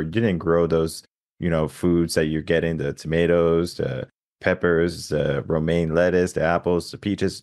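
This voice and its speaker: A man with a very low, deep voice reflects calmly as podcast host, leaning on "you know" as he builds an analogy. The sound is close and dry. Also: dry recording. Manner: measured, many fillers like "you know".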